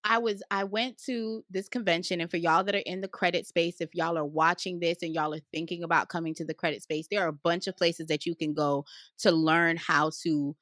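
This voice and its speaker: Loud, bright-voiced woman with a cackle. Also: fairly low pitch, steady tone, brisk, dry recording, studio quality. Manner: loud, cackling laugh, exclamatory. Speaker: podcast guest, credit consultant. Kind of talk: animated casual interview talk.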